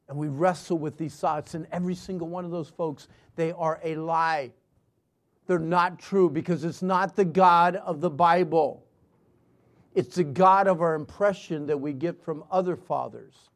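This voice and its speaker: A man preaching a sermon and telling his own story earnestly, moving between loud emphasis and hushed lines. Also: fairly high pitch, fairly even intonation, normal speed. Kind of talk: sermon with personal testimony.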